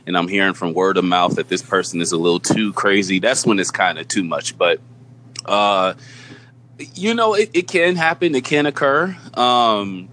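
A man co-hosting a podcast in casual chat, speaking haltingly with many restarts and fillers. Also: sits low, animated, sharp tone, slight background noise. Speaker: podcast co-host.

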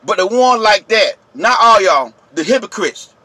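Man with aave yelling at his viewers, high bright voice, dry sound. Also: lively intonation, normal speed, no room sound. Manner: yelling, preachy, repetitive, addresses viewers directly. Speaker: channel host. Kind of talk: impassioned vlog rant.

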